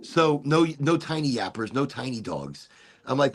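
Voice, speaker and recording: A man's voice: medium pitch, very animated, normal speed. A middle-aged man hosting a casual chat show, rambling freely with laughs and swearing. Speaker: podcast host.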